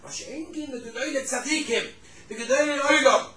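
A man giving a Torah class to a room of listeners, telling stories with lively swings between loud emphasis and hushed tones. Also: very high-pitched, a little fast, echoey room, far from the mic, soft background music, rough recording. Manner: animated storyteller, drops to hushed tones for the sad parts.

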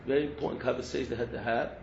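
Gravelly man lecturing in a roomy hall. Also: medium pitch, steady tone, rapid-fire, a little mellow, a little hiss or hum. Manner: repeats words, restarts, mixes in Hebrew terms. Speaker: yeshiva teacher giving a talk to students. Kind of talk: humorous ethical talk. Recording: roomy, dull lo-fi recording.

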